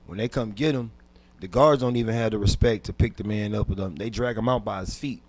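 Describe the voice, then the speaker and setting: A man, a comedian guest on a podcast, telling a personal story intensely and dropping from hushed to loud, with frequent repeats and restarts. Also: on the low side, fairly quick. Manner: repeats words and restarts while recounting.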